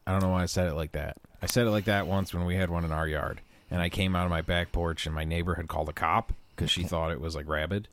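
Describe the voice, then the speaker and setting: A man's voice: sits low, fairly even intonation, fast talker, slight background noise. A man co-hosting a casual podcast, joking and swearing as he rambles. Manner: profane, jokey, rambling. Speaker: podcast co-host. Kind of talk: casual chat.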